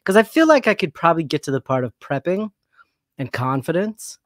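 A man on a podcast as a guest, talking in an animated, self-mocking way and admitting he's nervous. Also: fairly high pitch, brisk, no echo, clean studio sound. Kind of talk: casual chat.

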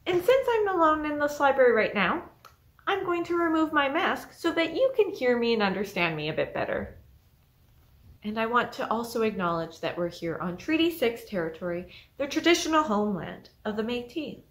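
A woman librarian leading a children's story time alone in an empty library, telling the story in an animated way. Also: a little high, moderate pace. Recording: echoey library room.

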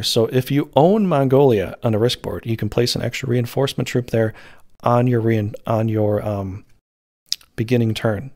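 A man's voice: medium pitch, a little mellow. A man giving a casual, rambling tarot reading, full of fillers and restarts. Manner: rambling, meandering, lots of fillers. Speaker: tarot reader.

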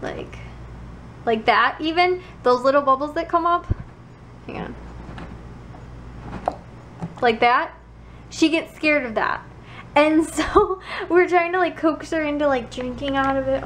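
A woman's voice: high voice, a little slow, pauses often, fairly bright tone, a little hiss or hum, low-quality recording. A young woman in her late teens from the Chicago suburbs, chatting casually to her vlog audience, rambling with lots of fillers and giggles. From Chicago suburbs, USA. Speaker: vlogger.

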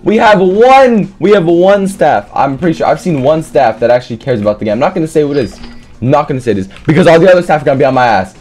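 A man giving live gameplay commentary as a gaming streamer, excitable and trash-talking, swearing often. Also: on the high side, fast talker, soft background music.

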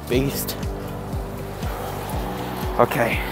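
Excitable swearing man vlogging outdoors. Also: mid-range voice, a little slow, long pauses, music in the background. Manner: excitable, gasping, swearing, awestruck exclamations. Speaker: comedic vlogger in character. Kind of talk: comedic walking vlog. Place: outdoors, walking around a campus. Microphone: handheld camera.

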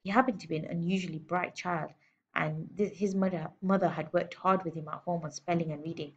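Woman teacher, storybook read-aloud, expressive, lower voice, muffled lo-fi recording. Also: fairly quick, husky. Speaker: teacher reading to children. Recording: dull lo-fi recording.

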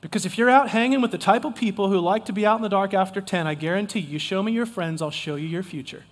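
Man, pastor, sermon, high voice, emphatic folksy delivery, church hall reverb. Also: fast. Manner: emphatic, folksy, animated preaching with repetition. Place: church sanctuary.

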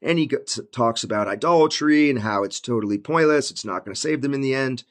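A man talking through a book of the Bible in a casual, laid-back way, full of "like" and "basically". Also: medium pitch. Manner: slows down when reading old scripture aloud. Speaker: Bible commentator. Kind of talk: casual Bible study talk.

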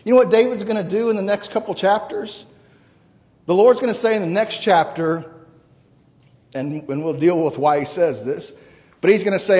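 A man's voice: high voice, normal speed, long pauses, darkish tone, big-room sound. A man preaching a sermon as pastor, in an earnest, conversational way that often repeats words. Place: church sanctuary.

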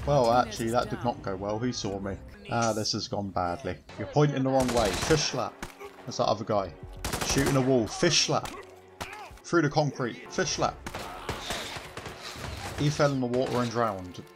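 A man's voice: mid-range voice, normal speed, long pauses, music in the background. A man giving joking commentary over a video game in a dry, sarcastic manner. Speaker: gaming channel host.

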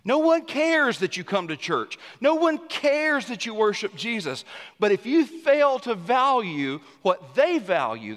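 Pastor, man, preaching with animated loud bursts; slightly high voice, long church reverb. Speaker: senior pastor. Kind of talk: sermon. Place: church sanctuary.

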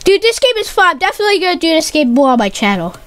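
A gaming YouTuber giving excited gameplay commentary, yelling often and straining her voice. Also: very high-pitched, racing. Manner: excitable, yells a lot, says "dude" constantly.

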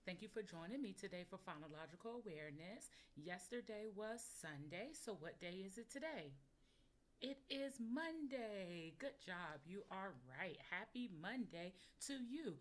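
A woman teaching a recorded phonics lesson to young children, encouraging them and sounding out words slowly and clearly. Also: mid-range voice, animated. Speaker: kindergarten teacher.

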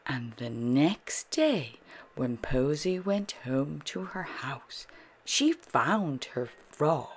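Breathy, whispery woman storyteller. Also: deep voice, lively intonation, drawn-out words. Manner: soft, half-whispered, sing-song reading. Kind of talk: children's bedtime story read-aloud.

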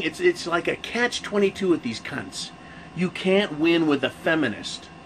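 A man hosts his own channel and talks straight to camera in a loose, cursing rant. He stumbles and restarts his sentences, and his voice sits a little high. A faint air conditioning hum runs underneath. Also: fairly bright tone, rough recording. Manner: profane, rambling rant with restarts. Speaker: channel host. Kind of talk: casual monologue to camera.

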